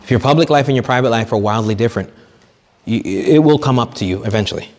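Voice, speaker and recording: A man's voice: medium pitch, fast, in a large hall. A man giving a retreat talk as a priest, in a conversational, joking way, acting out quoted people. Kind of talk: retreat sermon.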